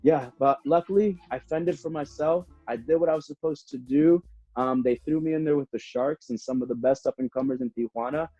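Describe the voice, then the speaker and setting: A young man, a professional wrestler telling stories in a casual interview, animated and full of fillers. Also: fairly high pitch, brisk, no echo. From Puerto Rico. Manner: animated, acts out voices, many fillers. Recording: dull slightly lo-fi sound, faint music.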